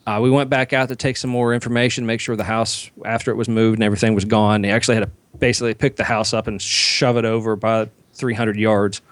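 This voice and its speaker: A man co-hosts a casual podcast, spinning long, rambling anecdotes and loudly acting out the voices of the people in them. His voice is lowish with little pitch movement, he talks at a quick pace, and the recording is dry.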